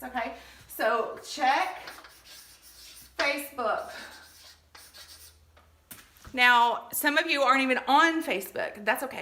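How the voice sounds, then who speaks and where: Bright, chatty woman vlogger. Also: on the high side. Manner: chatty, reassuring, full of fillers and asides. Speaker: vlogger giving shopper tips. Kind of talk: casual instructional vlog.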